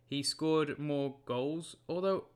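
A young man, hosting a casual solo football podcast in a rambling, jokey way with quick self-corrections. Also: a little high, smooth.

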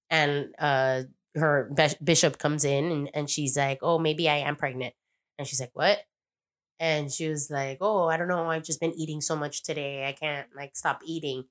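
Deep-ish woman rambling thru a tv recap, swears a lot, acts out lines. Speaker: podcast co-host. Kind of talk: casual chat recapping a TV episode.

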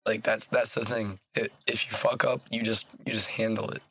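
A man's voice: on the low side, little pitch movement, normal speed, bright, forceful tone, slight background noise. A man hosting a podcast in casual chat, blunt, repeating words and swearing freely.

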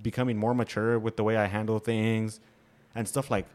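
A man's voice: on the low side, level tone, normal speed, a little mellow. A young man co-hosting a casual podcast at home, telling stories with lots of swearing and acted-out quotes. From Nebraska, US. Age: young adult. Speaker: podcast co-host. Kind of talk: casual chat. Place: home room.

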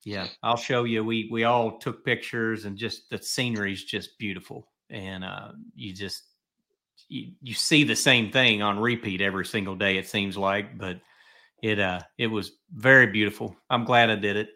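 A man's voice: on the low side, steady tone, normal speed, sharp tone. A middle-aged man hosting a podcast, telling stories in a rambling, chatty way. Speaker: podcast host. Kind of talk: casual podcast chat.

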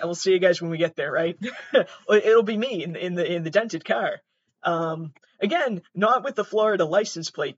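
A man's voice: high-pitched, no echo. A man hosting a podcast, reacting to online clips in a rambling, sweary, exasperated way with lots of restarts. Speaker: podcast host. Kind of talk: casual reaction commentary. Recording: dull, muffled, dry sound.

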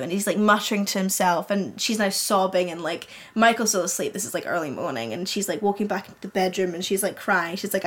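Woman podcast co-host, medium pitch, chatty and giggly, loose storytelling with lots of "like" and restarts. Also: quick pace, hardly any pauses, slightly rough. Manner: rambling, many fillers and restarts, giggly. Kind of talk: casual chat, retelling a fan story.

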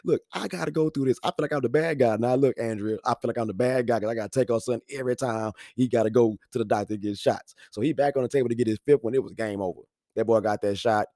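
Man, thirties, lively storyteller on a podcast mic, dry close sound. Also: medium pitch, fast talker, hardly any pauses, dry recording. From Houston, Texas. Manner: animated storytelling, acts out voices, laughs often. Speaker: podcast talker. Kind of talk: casual monologue. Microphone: studio microphone.

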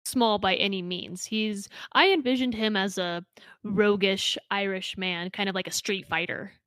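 A woman's voice: medium pitch, measured pace, fairly bright tone, no room sound. A woman co-hosting a podcast, chatting casually and gushing about a book, swearing freely. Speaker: podcast co-host. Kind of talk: casual book-club chat.

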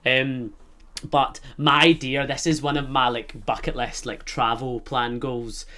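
A man's voice: medium pitch, fairly bright tone. Young Scottish male podcast host, loose rambling chat, mid-range voice. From Scotland. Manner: rambling, full of "like" fillers and laughter. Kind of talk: casual chat.

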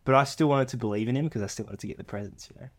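Guy rambling on a casual podcast, average pitch, lots of you know and like. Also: racing. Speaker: co-host, older brother.

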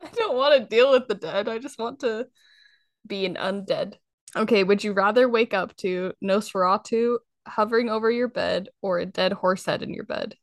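A woman hosting a casual podcast chat, playful and animated, often laughing. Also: medium pitch, moderate pace, no echo. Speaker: podcast host.

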